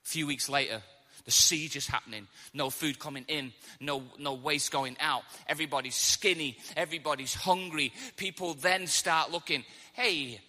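A man's voice: a little high, normal speed, big-room sound. A man preaching a sermon, telling stories animatedly and acting out the quotes. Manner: animated storytelling with acted-out quotes.

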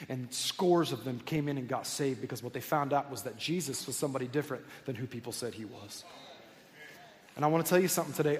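A man's voice: on the high side, darkish tone. A man preaching a sermon to his church congregation, telling stories in an earnest, conversational way. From United States. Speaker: pastor. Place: church sanctuary. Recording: long hall reverb.

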